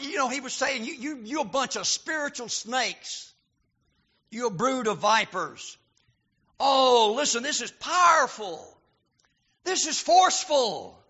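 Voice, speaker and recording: A male preacher giving a sermon, reading scripture and building to emphatic, shouted points. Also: high voice. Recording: dull lo-fi recording.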